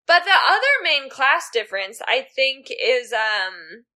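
Slow, bright-voiced woman chatting about books. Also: high-pitched, big pitch swings. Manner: chatty, many fillers like 'like'. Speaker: podcast co-host. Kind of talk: casual book discussion.

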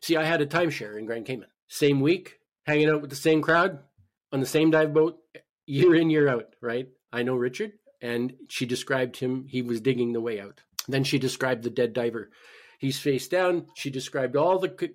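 A man, a guest on a talk podcast, telling a personal story in an animated way with frequent restarts. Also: medium pitch. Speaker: podcast guest, spiritual healer. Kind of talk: personal story told in conversation.

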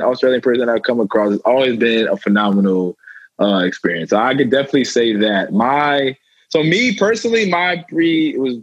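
A man's voice: mid-range voice, breathy edge, no echo. A man in his twenties, a guest athlete and rapper, talking in a loose, rambling way that repeats itself, heard over slightly muffled remote call audio. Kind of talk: casual interview talk.

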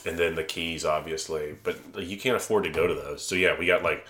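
A man's voice: deep voice, fairly even intonation, brisk, fairly bright tone. A young man from Alabama, a podcast guest, chatting casually in a rambling way full of fillers and swearing. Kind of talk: casual chat.

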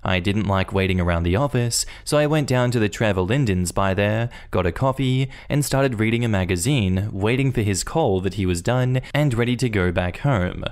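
A man narrating online stories aloud in an even, conversational reading manner. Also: on the low side, normal speed, few pauses, clear, resonant tone. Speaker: story narrator.

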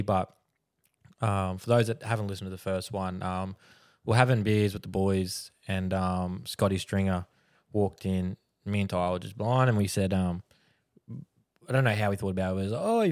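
A man's voice: low voice, fairly even intonation, moderate pace, darkish tone, no room sound, clean studio sound. A man with an Australian accent hosting a podcast in laddish, crude banter. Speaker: podcast host. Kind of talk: casual chat.

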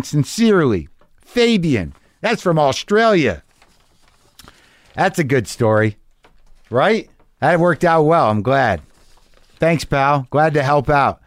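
A man's voice: on the high side, very animated, takes it slowly, pauses often, no echo. A middle-aged man hosting a podcast, reading listener emails aloud and riffing in a loose, profane, rambling way with lots of restarts. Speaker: podcast host.

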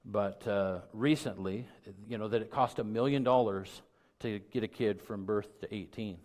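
Low-voiced middle-aged man preaching. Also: normal speed. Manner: conversational preaching that builds to loud emphatic peaks. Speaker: pastor. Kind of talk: sermon.

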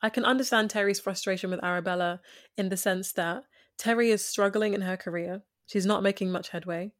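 A woman's voice: medium pitch, brisk. A woman chatting casually about a TV series, retelling scenes and acting out the characters' lines. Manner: animated storyteller, acts out quotes. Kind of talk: casual chat reviewing a TV show.

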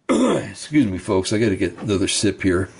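A man teaching from ancient texts, reading passages slowly and breaking off for casual comments and throat-clearing. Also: fairly low pitch, noisy background. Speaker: bible teacher. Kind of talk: reading scripture and commentary, informal asides.

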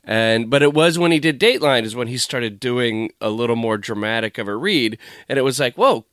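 A man's voice: medium pitch, fairly quick, a bit bright, no echo, studio quality. Chatty man hosting a podcast. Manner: rambling, self-interrupting, chatty. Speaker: podcast host. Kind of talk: casual conversational chat.

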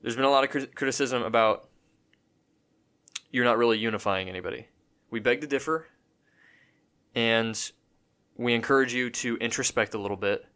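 A man's voice: mid-range voice, normal speed, long pauses, fairly bright tone, clear, resonant tone. A man co-hosting a casual podcast, talking in a rambling way with many restarts and fillers. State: has the hiccups. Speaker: podcast co-host.

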